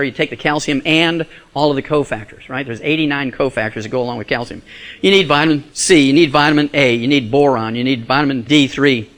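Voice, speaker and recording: Fast, folksy male lecturer. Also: on the high side, a bit bright. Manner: folksy, emphatic, rhetorical questions. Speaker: lecturer on health. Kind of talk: live lecture to an audience.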